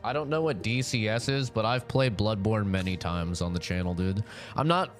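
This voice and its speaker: A young man streams a game from his home setup, chatting casually and rambling to his chat between fights. His voice is lowish and expressive at a moderate pace, with soft music in the background.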